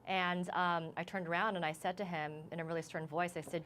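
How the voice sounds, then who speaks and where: A woman from the United States, a news correspondent, speaking as a guest in a live news interview, shaken and halting, with many restarts. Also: lowish voice, little pitch movement, fairly bright tone, slight background noise. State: shaken, voice unsteady.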